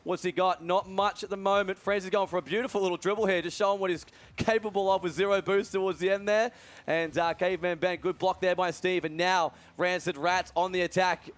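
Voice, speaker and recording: A young man doing live esports commentary, energetic and full of fillers. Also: sits high. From Australia. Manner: fast, energetic, many fillers. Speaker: esports commentator and event organizer.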